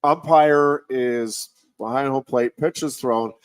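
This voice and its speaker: A man in his thirties, a radio host and high school sports announcer, telling a story in a rambling, reflective way with many restarts. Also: slow, smooth, dry recording. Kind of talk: casual radio sports chat.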